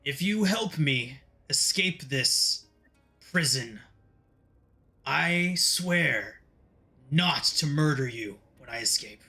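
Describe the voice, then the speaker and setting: A man voicing an arrogant, scheming male fiend in a tabletop game, shouting and then bargaining smoothly. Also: fairly high pitch, lively intonation, slow, soft background music, exaggerated voice.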